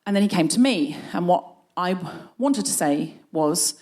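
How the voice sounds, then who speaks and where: A middle-aged woman hosting a comedy podcast, telling a story with lively energy and a voice that shoots up high when she gets indignant. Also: measured pace. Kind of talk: live comic storytelling.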